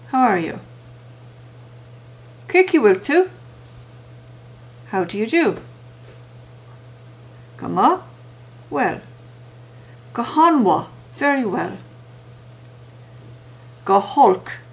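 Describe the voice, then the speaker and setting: A woman teaching a language lesson, saying each phrase and then its translation with slow, careful pronunciation. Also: medium pitch, vocal fry. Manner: slow, careful enunciation with pauses between phrases.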